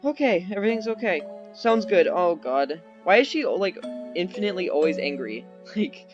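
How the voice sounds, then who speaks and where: Brief: high-pitched male gaming host, skittish horror-game commentary. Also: lively intonation, moderate pace, lo-fi sound, music in the background. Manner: jumpy, easily scared, nervous laughs. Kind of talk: live commentary while playing.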